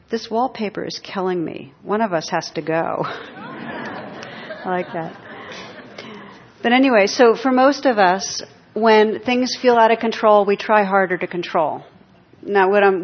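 A woman teacher gives a dharma talk to a live audience. She speaks in a lowish voice, reflective and full of pauses, and chuckles at her own jokes. The sound is dull and lo-fi. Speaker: meditation teacher.

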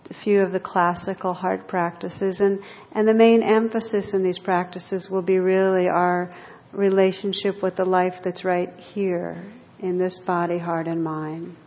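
A woman meditation teacher giving a gentle, reflective dharma talk to a group in a hall. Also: lowish voice, flat delivery, a little slow, hardly any pauses. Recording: lo-fi hall recording with long reverb.

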